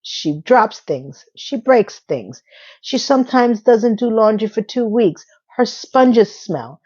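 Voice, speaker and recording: A woman recapping an episode in a casual, animated way, retelling scenes with quoted lines. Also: on the high side, slow, breathy edge, lo-fi sound. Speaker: recap vlogger.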